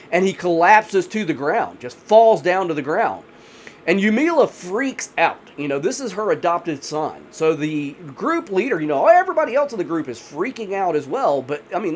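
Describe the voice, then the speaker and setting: A man retelling a grim mountain mystery in a chatty, unscripted way, full of fillers and slowing down for the gruesome parts. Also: high-pitched, a little hiss or hum. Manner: slows down for grisly moments. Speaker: storyteller host. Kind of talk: casual spoken horror storytelling.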